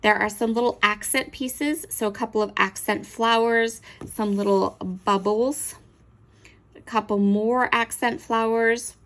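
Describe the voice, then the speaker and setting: A woman hosting a crafting video, chatting enthusiastically as she unboxes and describes stamp sets, pausing now and then to look things over. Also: fairly high pitch, fairly even intonation, a bit bright. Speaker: crafting channel host. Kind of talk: unboxing show-and-tell.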